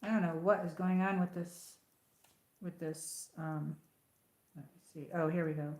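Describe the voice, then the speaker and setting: A woman's voice: lowish voice, fairly even intonation, unhurried, a little mellow. A woman hosting a casual livestream from home, rambling and chatty as she greets viewers by name. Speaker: livestream host. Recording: echoey room.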